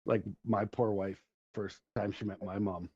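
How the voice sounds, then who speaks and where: A man's voice: fairly low pitch, flat delivery, a little slow, darkish tone, husky. A middle-aged man hosting a podcast, telling long rambling stories in casual chat and laughing along the way. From Central Alberta, Canada. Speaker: podcast host. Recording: dull lo-fi recording.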